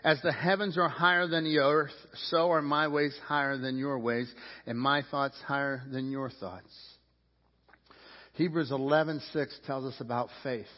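A man's voice: fairly even intonation, measured pace. Man preaching in a reverberant hall. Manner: preaching with big swings of pitch and loudness, acting out crowd voices. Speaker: pastor. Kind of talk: sermon. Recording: dull lo-fi sound with long reverb in a hall.

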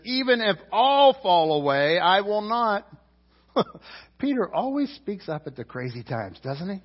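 A man preaching a sermon as pastor, emphatic, swinging from loud climbs to low quiet drops. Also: husky. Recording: roomy church hall, dull lo-fi sound.

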